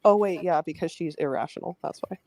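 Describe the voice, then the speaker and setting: Low, mellow-voiced woman, blunt. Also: a little fast, no echo, studio quality. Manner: blunt, sarcastic, exasperated. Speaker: panel guest. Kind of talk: casual commentary chat.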